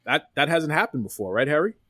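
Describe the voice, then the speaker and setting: A man's voice: fairly high pitch, very animated, quick pace, fairly bright tone, dry recording. A man hosting a casual wrestling podcast, talking with enthusiasm and often repeating phrases. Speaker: podcast host.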